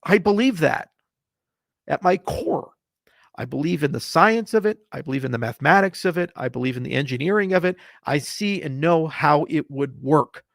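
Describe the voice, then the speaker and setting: A man giving an unscripted, passionate and blunt monologue to camera, profane and swinging from quiet to loud. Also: on the high side, expressive, moderate pace, creaky, no echo, studio quality. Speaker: crypto industry founder. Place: Colorado.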